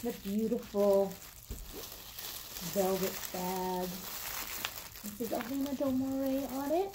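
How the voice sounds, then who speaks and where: A woman filming a casual unboxing vlog, gushing with excitement and swearing casually as she shows off what she got. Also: medium pitch, slow pace, long pauses, background noise. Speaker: vlogger.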